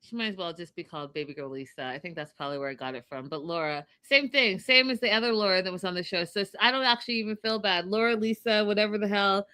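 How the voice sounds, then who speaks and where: Bright-voiced lady co-host going off about a reality show episode, opinionated. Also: medium pitch, quick pace, few pauses, smooth, no echo. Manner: opinionated, acts out quotes from the episode. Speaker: podcast co-host. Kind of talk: casual reality TV recap.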